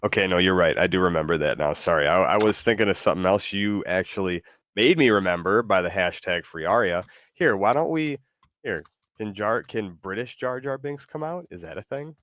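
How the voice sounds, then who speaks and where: Rambling excitable male streamer, very deep voice, dry mic. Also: brisk, no room sound. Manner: excitable, rambling, loud bursts. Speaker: streamer host. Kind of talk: casual livestream chat.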